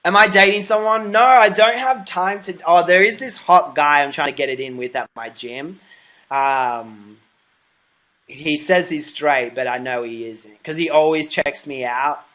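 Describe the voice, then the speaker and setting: A man's voice: on the high side, unhurried, sharp tone. A young adult man hosting a casual livestream chat, gossipy and giggly with a camp manner. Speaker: host.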